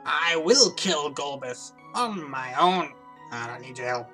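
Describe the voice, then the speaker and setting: A woman voicing a furious old man, a grieving father who shouts harshly. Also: sits low, animated, measured pace, soft background music. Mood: bitter.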